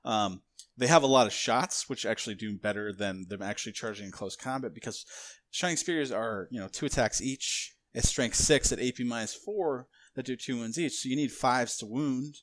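A man's voice: mid-range voice, normal speed, fairly bright tone. A man hosting a podcast in casual chat, blunt and analytical with some swearing. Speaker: podcast host.

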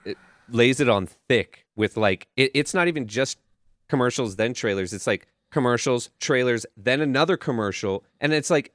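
A man from Canada co-hosting a podcast in casual chat, rambling and swearing excitedly. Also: mid-range voice, moderate pace, no room sound, studio quality. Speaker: podcast co-host.

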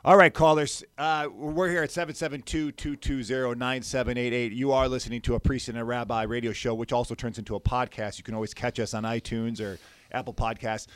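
A young man co-hosting a radio talk show in a studio, talking casually with an energetic, teasing manner on a mic with no windscreen. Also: mid-range voice, fairly quick, clear, resonant tone, dry recording. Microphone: studio microphone without windscreen.

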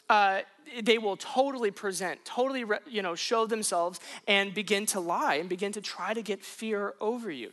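Woman pastor telling a story from the pulpit. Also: a little high. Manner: conversational, animated storytelling with frequent restarts. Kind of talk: sermon told as a personal story.

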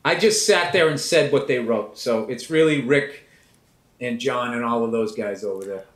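A middle-aged man, a comedian, talking in a casual interview, riffing and mocking with quick impressions. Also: medium pitch, fairly bright tone. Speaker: comedian guest. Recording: roomy echo.

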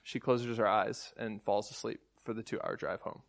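A man's voice: fairly low pitch, fairly even intonation, normal speed, creaky. Pastor guy in his 30s, chatty sermon story, lots of um and uh, kinda self-deprecating. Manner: conversational, self-deprecating, many fillers and restarts; soft and hushed while praying.

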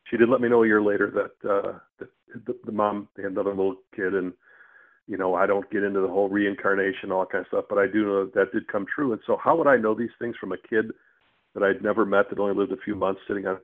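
A middle-aged man comes through a thin, phone-line sound as a guest recounting his own story. He talks earnestly and with animation, and his voice sits on the low side. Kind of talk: telling a personal story in conversation.

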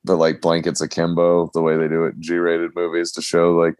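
A man's voice: low-pitched, monotone, fairly quick, a little mellow, smooth, no room sound. A man in casual chat, telling stories animatedly and swearing freely.

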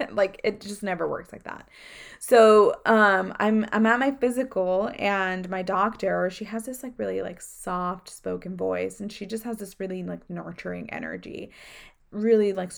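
A woman's voice: mid-range voice, gravelly. A young woman hosting a podcast, telling a personal story in casual chat, with many filler words. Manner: chatty, frequent "like" fillers. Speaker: podcast host.

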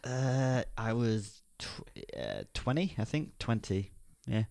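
A man, co-hosting a casual film podcast, relaxed and quick to laugh. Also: mid-range voice, vocal fry, no echo, clean studio sound. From Yorkshire, England. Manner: relaxed, chatty, laughs easily. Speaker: podcast co-host.

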